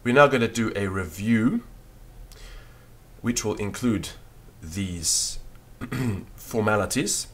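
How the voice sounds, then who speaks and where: A man with a fairly low voice gives a beginners' French lesson, dictating slowly and patiently and spelling out words one letter at a time.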